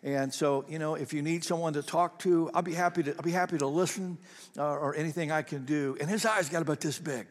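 A man's voice: fairly high pitch, fairly even intonation, fairly quick. A man preaching a sermon as a pastor in a folksy, conversational way, often restarting his sentences, recorded in a church sanctuary. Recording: long reverb of a large hall.

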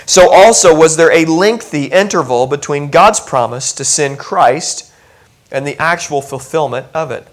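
A middle-aged man preaching a sermon to his congregation in a conversational, animated way, with humorous asides. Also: fairly high pitch, a little slow. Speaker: pastor.

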